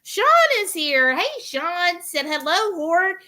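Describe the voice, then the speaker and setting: A woman's voice: extremely high pitch, expressive, slow, pushed and bright. A woman hosting a live cooking stream, casually reading out viewer comments and greeting each viewer by name. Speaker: cooking livestream host reading chat.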